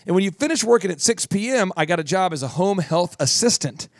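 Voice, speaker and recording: A male podcast host telling a story with energy and humor, slipping in quick voices along the way. His voice sits a little high, and the sound is close and dry. He speaks in a casual, chatty way. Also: dry recording. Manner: animated, jokey, does voices. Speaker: podcast host, business coach.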